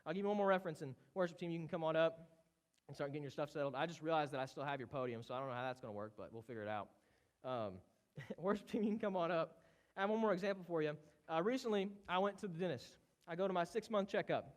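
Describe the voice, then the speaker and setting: A man with a hoarse voice from a cold, giving a casual, conversational sermon as pastor. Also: fairly high pitch, animated, fast talker. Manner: casual, conversational preaching with rising intensity. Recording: muffled, with loud guitar behind. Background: worship team playing guitar.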